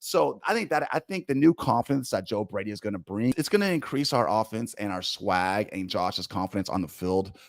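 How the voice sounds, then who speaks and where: A man's voice: fairly low pitch, lively intonation, brisk, gravelly, few pauses, dry recording. A man giving emphatic, opinionated sports commentary straight to his audience, talking bluntly and with plenty of energy.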